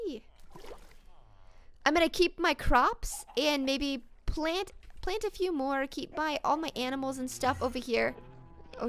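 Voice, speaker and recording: A woman's voice: high-pitched, animated, measured pace, fairly bright tone. A young woman playing a video game and chatting in a bubbly, easily distracted way to her viewers. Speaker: gaming YouTuber. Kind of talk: casual let's-play chat.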